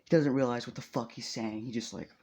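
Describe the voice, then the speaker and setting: A man's voice: mid-range voice, steady tone, quick pace, a little mellow, slight background noise. A man casually telling a fan story, rambling with lots of fillers and swearing.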